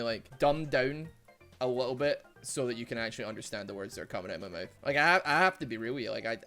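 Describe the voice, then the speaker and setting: Excitable Glaswegian man, bright voice. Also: medium pitch. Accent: Glaswegian Scottish. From Glasgow, Scotland. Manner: excitable, chatty, laughs often, trailing fillers. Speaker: streamer. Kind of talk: casual gameplay commentary.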